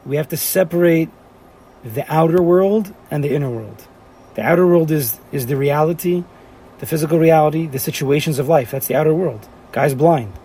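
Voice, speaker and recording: A man's voice: a little high, moderate pace, warm tone, a little hiss or hum. A man teaching a class, talking animatedly and firing off rhetorical questions. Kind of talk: lively class lecture.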